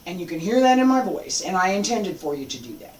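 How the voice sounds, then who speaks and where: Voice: mid-range voice, big pitch swings, quick pace, roomy sound, recorded from a distance, rough recording. A martial arts instructor giving an unscripted teaching talk, emphatic and determined, repeating phrases for force.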